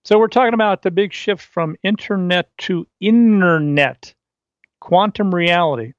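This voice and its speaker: A man hosting a solo podcast, reading from his articles and riffing off script in a rambling, halting way with many fillers and restarts. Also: high voice, no room sound, dull audio. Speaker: podcast host.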